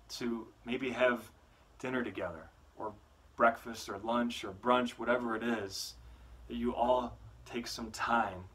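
A man, a youth motivational speaker, giving a weekly faith talk to students with animated, earnest storytelling. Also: medium pitch.

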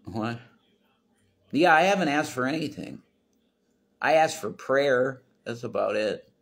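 A man's voice: mid-range voice, expressive, measured pace, gravelly, a bit bright. A man hosting a casual home livestream, reading chat comments aloud, rambling and swearing bluntly.

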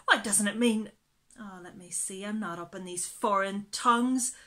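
A woman voicing a bustling elderly household cook in a storybook, loud and fussy. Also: mid-range voice, normal speed, lightly acted. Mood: flustered.

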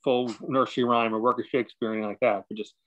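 A man's voice: mid-range voice, level tone, racing, dull audio. A man taking part in an online workshop over a video call, curious and checking that he understands. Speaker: workshop participant. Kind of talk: asking questions in an online workshop.

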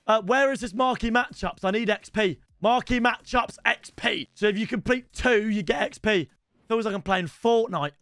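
A young British man streaming a football game, excitable, swearing and shouting, calling viewers lads. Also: high voice, moderate pace, dry recording, studio quality. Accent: British English. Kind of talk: live gaming commentary.

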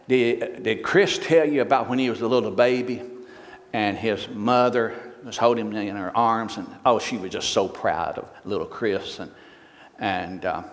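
In a church sanctuary, a man preaching as a guest gives a folksy, joking sermon, raising his voice louder and higher to read scripture. The room adds long church reverb.

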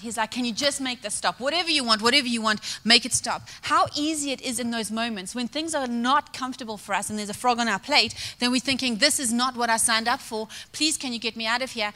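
A woman's voice: on the high side, sharp tone. A woman preaching a sermon, telling a story and acting out quoted dialogue. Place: church hall. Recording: long reverb of a large hall.

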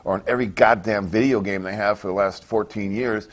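A Canadian wrestler with a lowish voice answers interview questions bluntly and casually, swearing in nearly every sentence. His talk is fairly quick and steady in tone, loose and unscripted, stumbling through restarts and never polished.

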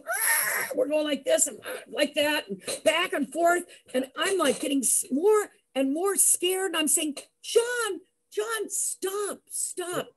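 An older woman telling a personal story in a lively way, acting out the voices of the people in it. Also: high-pitched. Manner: lively, acts out voices, laughs. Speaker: storyteller host.

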